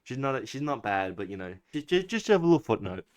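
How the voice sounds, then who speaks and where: A man's voice: medium pitch, sing-song, fast talker, clean tone, no echo. A young man giving a casual film review, ranting with exasperation and swearing, mocking what he dislikes. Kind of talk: casual monthly movie review.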